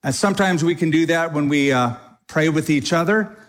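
A middle-aged man preaching a sermon to a congregation in a casual, animated way, now and then acting out other people's prayers. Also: on the high side, normal speed. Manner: animated, conversational preaching with mock quoted prayers. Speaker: pastor. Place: church sanctuary before a congregation.

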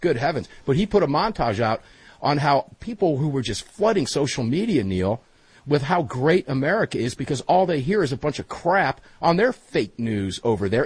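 A male talk radio host with a slightly husky voice, speaking into a studio mic in a very dry, dead room. He sounds energetic and chummy, calling his guests brother and talking straight to the audience. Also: on the high side, dry recording, rough recording. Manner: energetic, chummy, addresses listeners directly. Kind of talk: casual talk radio banter.

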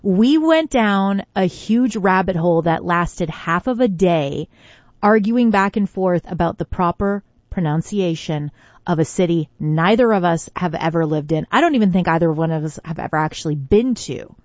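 A woman's voice: lowish voice, expressive, moderate pace, darkish tone, no echo, muffled recording. A woman leaving a casual voice memo, talking conversationally and emphatically with lots of "like". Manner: conversational, emphatic, filler-heavy.

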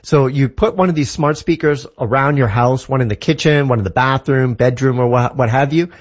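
A man's voice: mid-range voice, fairly quick, highs cut off. A man from Canada explaining a tech product in an enthusiastic, casual way, with lots of examples and fillers. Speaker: tech guest.

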